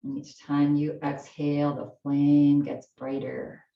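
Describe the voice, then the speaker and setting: A woman leading a gentle chair yoga class, giving soft, slow, soothing cues for breathing and stretching. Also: low-pitched, monotone, vocal fry, echoey room, far from the mic, dull audio.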